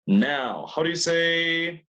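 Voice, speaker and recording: A man's voice: a little high, lively intonation, slow, sharp tone, low-quality recording. A man teaching an English class over a video call, patiently repeating his questions to prompt his students.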